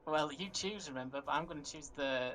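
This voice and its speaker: A man's voice: a little high, brisk, crowd noise, low-quality recording. A man playing a tabletop game, chatting casually, hesitant and full of fillers, often laughing. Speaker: player. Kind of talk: casual tabletop gaming chat.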